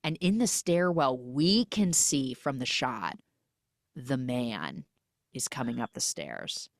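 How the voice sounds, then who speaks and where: A woman hosting a podcast, retelling a film's plot in a lively, animated way. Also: very deep voice, slow, no echo, studio quality. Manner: animated storytelling, acts out quoted lines. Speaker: podcast host. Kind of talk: casual movie recap.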